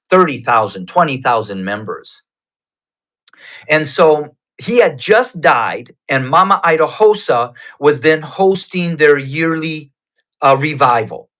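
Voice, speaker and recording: A man's voice: medium pitch, fairly bright tone. A man giving his personal faith testimony as a guest, telling it in an earnest, conversational way. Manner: earnest, conversational, unhurried retelling.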